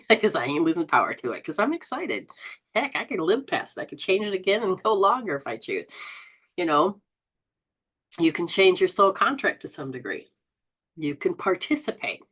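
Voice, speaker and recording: A woman hosting a spiritual live stream, reading viewer comments and coaching them in a lively, exclaiming, rambling way. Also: lowish voice, normal speed, breathy edge. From Southern Hemisphere. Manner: animated, exclaims and laughs often. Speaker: host.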